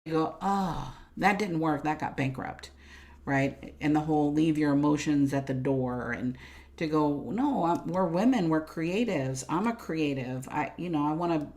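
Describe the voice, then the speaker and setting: A woman business coach telling personal stories in a casual interview, animated and laughing often, ending many lines with "right?". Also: sits low, measured pace. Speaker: profit coach, guest.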